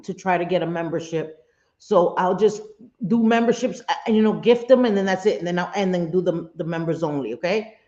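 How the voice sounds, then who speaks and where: A woman's voice: on the low side, a little mellow, lo-fi sound. A woman hosting a casual live stream, thanking viewers, swearing casually, laughing often and dropping in Spanish phrases.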